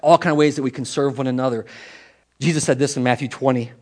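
A male pastor's mid-range voice holds a steady tone as he preaches fast at a church service. He talks to the congregation conversationally, moving between emphatic and hushed delivery.

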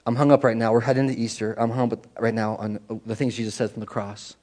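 A male pastor preaching a sermon at a church service, talking conversationally and swinging between emphatic and hushed delivery. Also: mid-range voice, flat delivery, fast talker.

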